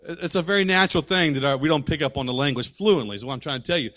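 Man, pastor, sermon, somewhat high voice, lively rhetorical questions. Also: rapid-fire. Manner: animated, full of rhetorical questions to the congregation.

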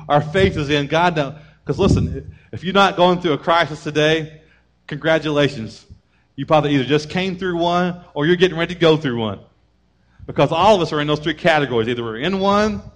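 A male pastor delivers a lively sermon in a voice that sits a little high for a man. He talks to the congregation in a casual, conversational way and slips into short acted-out bits of dialogue. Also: a little fast. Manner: energetic preaching, acts out family members in raised voices.

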